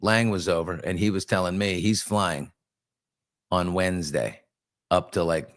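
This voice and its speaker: Middle-aged male host, lower voice, relaxed morning chat, animated storyteller, reads viewer comments. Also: unhurried. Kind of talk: casual live morning chat.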